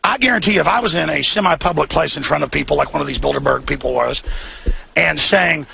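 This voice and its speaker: A radio talk show host giving fiery, repetitive live commentary outdoors near a hotel. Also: male voice, sits high, expressive, a little fast, creaky, sharp tone, slight background noise. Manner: fiery, repetitive, ranting delivery.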